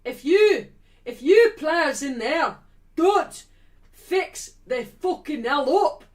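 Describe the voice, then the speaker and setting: A woman voicing a furious older Scottish male football manager, yelling and swearing at his players in a put-on Scottish accent. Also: sits high, expressive, voice pushed up. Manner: yelling, swearing, drawn-out threats.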